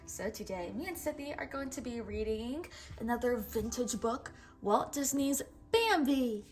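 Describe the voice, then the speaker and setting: Slow, expressive woman reading a storybook aloud. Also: fairly high pitch, soft background music. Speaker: storybook reader, channel host. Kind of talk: children's read-aloud.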